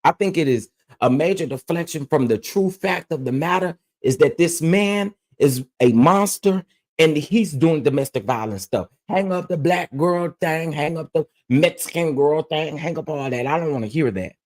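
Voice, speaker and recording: A man's voice: fairly high pitch, lively intonation, moderate pace, a little mellow. A man hosting his own commentary channel, ranting bluntly and emphatically and repeating phrases to press his point.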